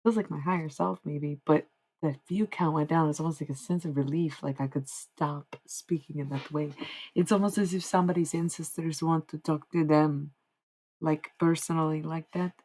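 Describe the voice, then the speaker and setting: A woman's voice: low-pitched, fairly even intonation, normal speed, a little mellow. A woman streaming live, giving a meandering spiritual monologue in a preachy tone, often checking in with "okay?". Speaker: livestreamer.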